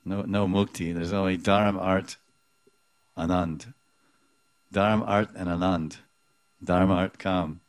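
A man's voice: low-pitched, fairly even intonation, unhurried, long pauses, dry recording. A man giving a devotional lecture, telling stories with acted-out quotes, chuckling often and sprinkling in Sanskrit and Hindi terms. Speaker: religious teacher.

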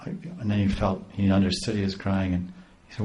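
A man's voice: deep voice, level tone, moderate pace, mellow, a little hiss or hum. A man telling a devotional story in a rambling, repeating way. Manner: rambling, with many restarts.

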